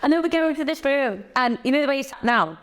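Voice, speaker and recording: A woman guest telling a wild night-out story in casual podcast chat, acting out other people's lines. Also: fast talker. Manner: animated, mimics others in lowered voices.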